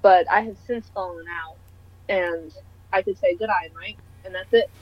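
A woman's voice: lowish voice, normal speed, dry recording. Young woman rambling about movies, self-deprecating, dry dull sound. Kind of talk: casual chat.

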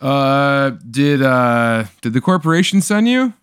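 A man playing an improvised tabletop game, answering with deadpan, quick quips. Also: mid-range voice, clear, resonant tone, no echo, clean studio sound. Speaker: player. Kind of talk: casual improvised play.

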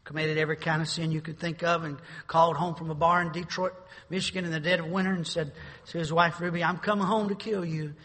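A middle-aged pastor preaching a sermon, building to sudden shouted climaxes. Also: male voice, on the high side, little pitch movement, fast, hardly any pauses. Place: church sanctuary. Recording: reverberant church sanctuary.

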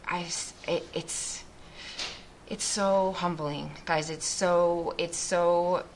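A woman with a slightly low voice speaks to a group as a missionary. She shares her faith testimony earnestly and thoughtfully, often starting her sentences over. A faint background noise sits under her voice. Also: fairly even intonation, takes it slowly. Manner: earnest and reflective, with frequent restarts.

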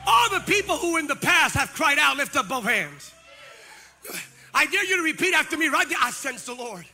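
A pastor preaching a sermon, shouting with passion and then dropping to a hushed voice. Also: male voice, extremely high pitch, lively intonation, normal speed. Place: church auditorium.

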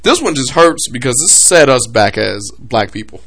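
Animated man ranting about sports, bright voice. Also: medium pitch, normal speed. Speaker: podcast host. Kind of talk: comedic sports rant.

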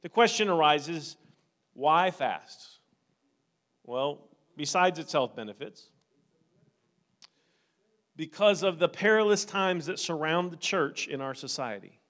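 A man's voice: fairly high pitch, animated, slow, pauses often, fairly bright tone. A middle-aged male pastor preaching a sermon, conversational at first and then rising into fervent preaching.

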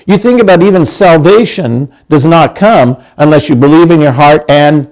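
A man's voice: a little high, moderate pace, darkish tone. A man in his sixties preaching a sermon as pastor, conversational and humorous, acting out quoted lines.

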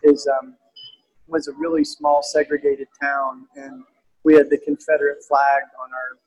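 A man from East Tennessee, a guest in an interview, talking earnestly and haltingly with many restarts. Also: mid-range voice, level tone, husky, poor audio. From East Tennessee, USA. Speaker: guest author. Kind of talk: casual conversational interview.

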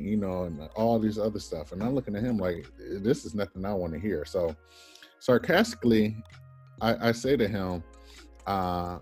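A man in his thirties, a podcast guest telling an animated personal story and acting out the people in it. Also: on the low side, normal speed, slightly rough, soft background music. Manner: animated storyteller, acts out quoted voices, laughs often.

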